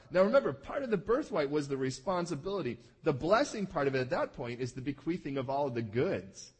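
Lively, husky-voiced man preaching. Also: sits high, brisk, few pauses. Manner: conversational, checks in with listeners, acts out quoted lines. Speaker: pastor. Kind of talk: sermon.

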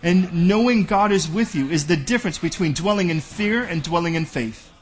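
A man's voice: sits high, lively intonation, moderate pace. A man preaching a sermon as pastor, bold and direct, often acting out back-and-forth dialogues.

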